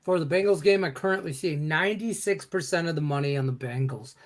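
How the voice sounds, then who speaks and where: A man's voice: on the high side, fast talker. A man hosting a sports betting show, joking and rambling as he reads viewer comments aloud. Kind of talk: casual sports betting chat.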